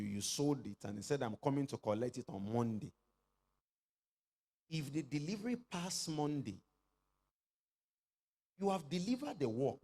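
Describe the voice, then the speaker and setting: A middle-aged man preaching a sermon as pastor, leading the congregation in call-and-response and rising to shouted exclamations. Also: mid-range voice, vocal fry, slightly rough.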